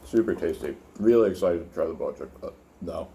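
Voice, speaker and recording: Young male vlogger, lowish voice, loose profane rambling with food in hand, casual bedroom chat. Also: quick pace, creaky, dark tone, a little hiss or hum. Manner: rambling, profane, filler-heavy, talking while eating. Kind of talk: casual food vlog with rant. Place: his room indoors.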